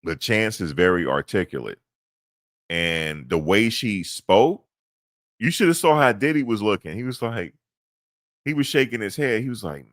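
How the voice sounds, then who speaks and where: A man recapping events in a casual, animated storytelling manner, slangy and repetitive. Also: on the low side, normal speed, no room sound, clean studio sound. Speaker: commentator recapping a court hearing.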